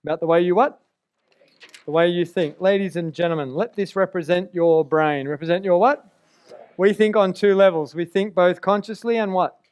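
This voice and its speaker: A man with a high, smooth, resonant voice leads a live seminar. He keeps the room involved, throwing out half-finished sentences for the audience to complete. He delivers it with a lively, energetic presenter's drive. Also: moderate pace.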